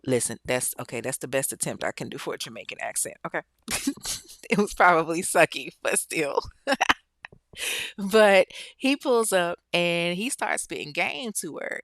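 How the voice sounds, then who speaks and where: A woman's voice: deep voice, a bit bright, dry recording, clean studio sound. Chatty, blunt woman telling a true-crime story. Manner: chatty, blunt and profane, with frequent asides to listeners. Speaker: podcast host.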